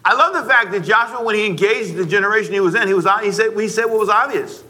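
A man preaching with a high, bright voice. He drives his points home with repeated phrases and keeps calling on his congregation to say the lines back with him. His delivery is emphatic and pulpit-ready. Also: fast. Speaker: pastor. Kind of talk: sermon. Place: church before a congregation.

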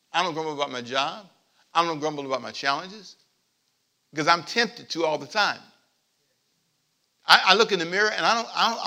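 A male pastor preaching a sermon in church, swinging from loud emphatic points to quiet asides and calling on the congregation to repeat after him. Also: on the high side. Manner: lively preaching with call-and-response to the congregation.

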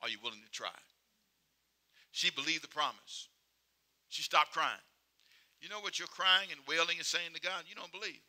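A male preacher with a high, piercing, sharply bright voice delivers a sermon. He hammers repeated phrases in call-and-response style, pushing hard one moment and dropping to a low murmur the next. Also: moderate pace, long pauses. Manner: swings between loud exhortation and quiet, low asides.

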